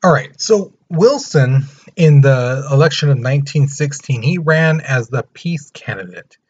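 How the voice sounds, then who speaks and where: A man teaching a history lesson in a casual, chatty way, acting out quotes with a lively voice. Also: medium pitch, a little slow, breathy edge, highs cut off. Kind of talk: informal recorded history lecture.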